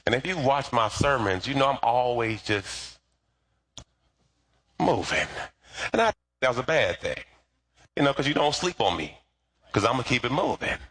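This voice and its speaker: Man, middle-aged pastor, husky voice, animated pitch, playful conversational sermon, call and response. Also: normal speed, long pauses.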